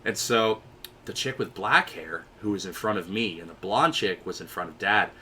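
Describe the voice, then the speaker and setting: A young podcast co-host tells a story in casual chat, animated and acting out the voices he quotes. His voice is bright yet low-pitched, at a moderate pace, with slight background noise.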